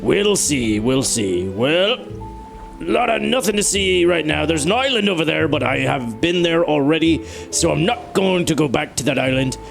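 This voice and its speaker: A man's voice: normal speed, vocal fry, soft background music. A young man giving jokey, self-mocking commentary while playing a survival game. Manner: animated, playful pitch swings. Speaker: gaming YouTuber. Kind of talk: let's play commentary.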